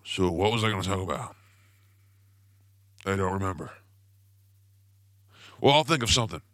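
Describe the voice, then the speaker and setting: A man's voice: sits low, animated, normal speed, fairly bright tone, no echo, clean studio sound. A young man hosting a podcast, telling rambling goofy stories in a casual comedic monologue. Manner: rambling, goofy, self-promoting storyteller. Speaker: podcast host.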